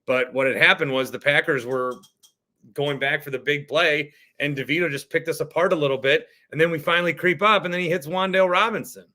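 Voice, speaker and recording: A man's voice: a little high, fairly even intonation, brisk, sharp tone. A man hosting a sports podcast, ranting in an exasperated, worked-up way about a football game. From Wisconsin. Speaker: podcast host. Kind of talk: sports talk rant.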